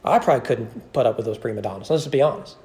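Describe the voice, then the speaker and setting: A man's voice: mid-range voice, racing, gravelly, darkish tone. Man, pastor, church sermon, earnest, emphatic, repeated phrases, wry asides. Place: church sanctuary.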